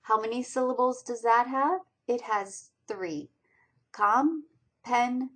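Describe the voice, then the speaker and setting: A woman's voice: a little high, unhurried. A woman teaching a college reading class, talking through slides step by step and asking students questions as she goes. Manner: patient, step-by-step explaining with quiz questions to students. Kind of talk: recorded slideshow lecture.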